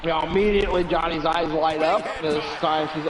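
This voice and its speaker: A man's voice: fairly high pitch, steady tone, fairly quick. Chatty, playful man on a distant line. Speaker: co-host telling a joke. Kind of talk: casual chat and joke telling. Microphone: remote internet call. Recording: distant mic with loud crowd behind.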